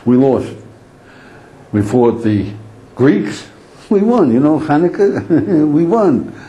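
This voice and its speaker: Animated rabbi with a mellow voice. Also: male voice, a little high, slow, low-quality recording. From Israel. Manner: animated storytelling, acts out inner voices, chuckles often. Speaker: rabbi lecturer. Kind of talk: Torah lecture to an audience.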